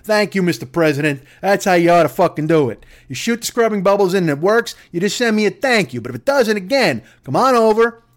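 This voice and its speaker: A man's voice: expressive, fairly quick, hardly any pauses. A man doing a brash, boastful older president. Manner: swaggering, salesman pitch.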